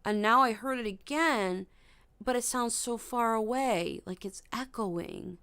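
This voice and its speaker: A young woman hosting a casual livestream from her bedroom at night, startled, sometimes hushed and humming melodies high. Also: measured pace, clean tone, dry recording. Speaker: livestream host.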